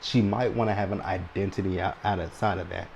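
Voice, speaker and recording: A man with a fairly low-pitched voice talks through a reality TV episode in a relaxed, chatty way. He is long-winded and keeps tagging "right?" onto his points. A faint hum of room noise sits behind him. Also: fairly quick, vocal fry, dull audio. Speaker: reality TV recap host. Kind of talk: casual commentary recap.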